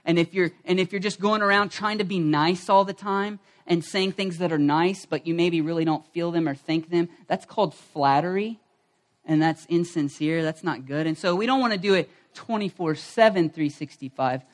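A pastor preaching a lively sermon in a church service. The delivery is energetic, with key phrases repeated and call-and-response lines for the congregation to echo. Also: mid-range voice, moderate pace.

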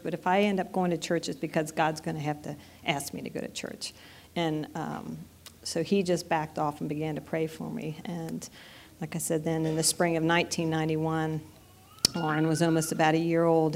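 A woman in her fifties giving a personal testimony in church, earnest and halting, with frequent restarts. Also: sits low, darkish tone. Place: church sanctuary.

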